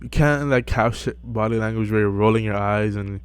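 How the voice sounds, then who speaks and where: A man's voice: on the low side, brisk, smooth. Laid-back young man giving advice. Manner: relaxed, filler-heavy, repeats "right?". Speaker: self-improvement vlogger. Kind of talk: casual advice monologue. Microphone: close mic.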